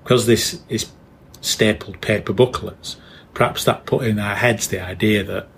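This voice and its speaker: A middle-aged man with a northern English accent, co-hosting a casual podcast chat, musing with halting restarts and frequent chuckles. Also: lowish voice, fairly even intonation, gravelly, a little hiss or hum. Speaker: podcast co-host.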